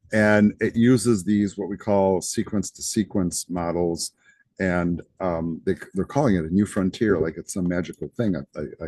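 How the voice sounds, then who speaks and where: Very low-voiced chatty male lecturer. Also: a little mellow, dry recording. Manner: conversational, chatty, lots of "right?" asides. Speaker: college instructor. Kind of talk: recorded lecture.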